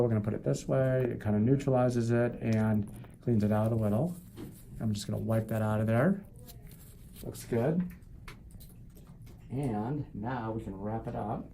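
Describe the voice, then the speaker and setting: A man working as a foot doctor, narrating a procedure as he does it in a clinic treatment room. He talks in a calm, explanatory way and jokes with his patient. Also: fairly low pitch, creaky, a little hiss or hum.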